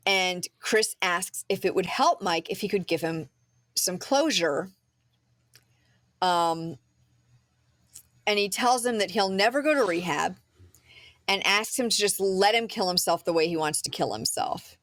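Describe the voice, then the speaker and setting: A chatty woman hosts a podcast and walks through a film's plot in easy, rambling chat, with plenty of "um" and "like" along the way. Her voice is mid-pitched and sounds close and dry on the mic. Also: lively intonation, a little slow, pauses often, fairly bright tone, no echo. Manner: chatty storyteller with frequent "um" and "like". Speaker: podcast host. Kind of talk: casual chat recapping a film.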